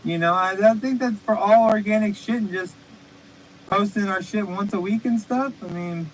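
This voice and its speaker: A man with a notably high voice chats loosely and swears freely while hosting a remote stream. His talk rambles, and faint noise hums underneath. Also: normal speed, low-quality recording. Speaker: podcast host. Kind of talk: casual profane chat. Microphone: remote stream call.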